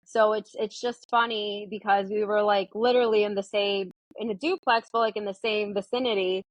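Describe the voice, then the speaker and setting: A young woman with a mid-range voice talks as a guest in a relaxed podcast chat. She fills her sentences with "like" and acts out little quotes of what she says to people. The recording is close and dry. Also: medium pitch, moderate pace, no room sound, poor audio. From United States. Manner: chatty, lots of "like", acts out her own quotes. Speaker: therapist, guest. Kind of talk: casual interview chat.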